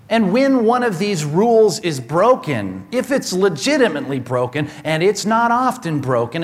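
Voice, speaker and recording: A male pastor preaching a sermon in an animated, wry way, swinging between loud and hushed. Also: high voice. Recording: echoey hall.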